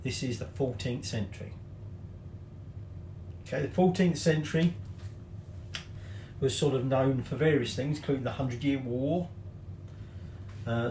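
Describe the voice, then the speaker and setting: A man of middle pitch hosts a cooking tutorial in a chatty way. He drops joking, self-mocking asides between steps. His voice bounces around a roomy kitchen. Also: a little mellow, slight background noise. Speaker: cooking show host.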